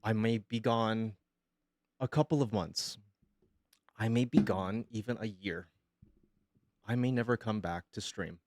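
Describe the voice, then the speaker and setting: A male streamer, sick with pneumonia, making an emotional announcement in a halting, hesitant way and holding back tears. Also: fairly low pitch, darkish tone, slight background noise.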